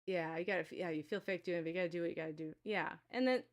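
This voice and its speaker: A woman's voice: on the low side, very fast. A woman hosting a live stream of card and pendulum readings, talking casually to viewers in a rambling way with many fillers and restarts.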